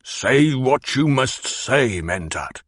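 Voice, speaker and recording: A man's voice: mid-range voice, expressive, slow, dry recording, studio quality, voice pushed up. A man voicing a fat, pompous and petulant old baron who blusters and demands answers. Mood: blustering.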